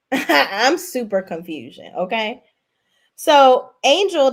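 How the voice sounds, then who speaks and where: A woman giving a casual recap of reality TV episodes, sassy, blunt and profane, with animated emphasis. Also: lowish voice. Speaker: reality TV reviewer.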